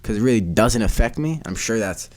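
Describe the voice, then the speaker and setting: A man's voice: lowish voice, expressive, brisk. Rambling incredulous male podcaster. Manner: rambling, repeats phrases, incredulous. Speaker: podcast host. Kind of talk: casual solo podcast rant.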